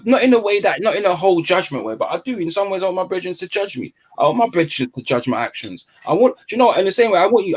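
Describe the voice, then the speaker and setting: A man's voice: sits high, breathy edge. A man in casual podcast chat, talking earnestly and emphatically, often repeating himself.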